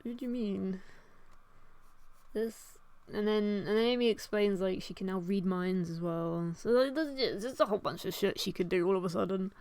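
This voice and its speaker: A woman's voice: mid-range voice, a little fast, a little mellow, smooth, dry recording. A young woman casually retelling an old story while drawing, rambling with lots of "like" and "um" and frequent swearing. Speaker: artist and video host.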